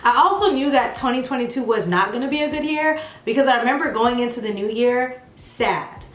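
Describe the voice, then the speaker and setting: A woman's voice: fairly high pitch, expressive, a little fast. A young woman vlogger, chatting candidly while doing her makeup. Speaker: beauty vlogger. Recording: echoey room.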